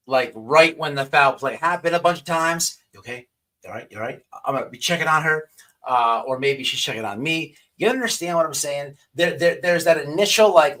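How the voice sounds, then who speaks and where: A man's voice: fairly high pitch, a bit bright. Rambling, cursing man hosting a stream. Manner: rambling with many restarts and stammers. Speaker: livestream host. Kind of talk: casual profane commentary.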